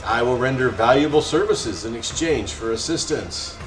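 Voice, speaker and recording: A man's voice: medium pitch, animated, moderate pace, close to an everyday voice. A man reading a starship captain's lines. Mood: pleading. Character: adult starship captain, the player character. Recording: roomy echo, faint music.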